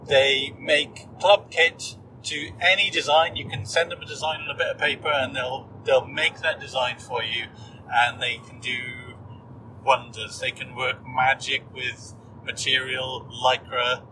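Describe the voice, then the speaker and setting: A man's voice: medium pitch, fairly even intonation, measured pace, distant mic. A jokey, chatty man hosting a casual podcast. His voice sits in the middle range. A faint noise runs underneath. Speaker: podcast host. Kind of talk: casual chat. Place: car, then outdoors at a campsite.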